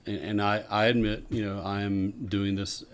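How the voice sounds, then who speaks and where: A man co-hosting a podcast, explaining ideas in a measured, casual way. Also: lowish voice, little pitch movement. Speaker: podcast co-host. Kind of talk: casual conversation.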